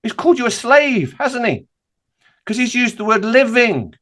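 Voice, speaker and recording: A man's voice: extremely high pitch, big pitch swings, moderate pace, fairly bright tone. A man talking as a podcast guest in an emphatic, insistent way, firing off rhetorical questions. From United Kingdom. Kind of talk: animated podcast conversation.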